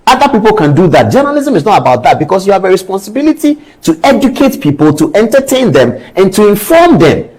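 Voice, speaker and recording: A man's voice: high-pitched, very animated, fast, few pauses, a little mellow, rough recording. A man with a Ghanaian accent gives impassioned commentary, firing off indignant rhetorical questions. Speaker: news commentator.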